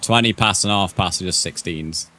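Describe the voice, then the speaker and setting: Man, young adult, streamer, slightly low voice, casual banter, reads chat. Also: moderate pace, pushed and bright, a little hiss or hum. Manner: casual, swears often, banters with viewers. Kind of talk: live gaming commentary, reading chat.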